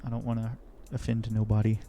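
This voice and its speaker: A man's voice: lowish voice, completely flat delivery, brisk, dark tone, faint music behind. Chatty man narrating a city-builder game. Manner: rambling, jokey, self-deprecating. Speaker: let's play host. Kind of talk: casual gameplay commentary.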